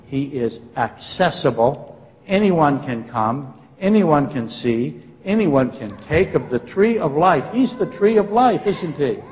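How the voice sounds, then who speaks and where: A man teaching the Bible to a congregation peppers them with rhetorical questions and dry, facetious remarks. His medium-pitched voice carries the long reverb of a church sanctuary, with a little hiss or hum on the recording.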